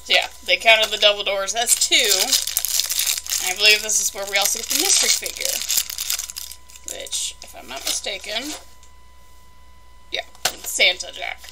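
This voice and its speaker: A woman's voice: medium pitch, wildly swooping pitch, normal speed, pauses often, heavy background noise. A young woman chatting casually through a toy unboxing, rambling and exasperated in her asides.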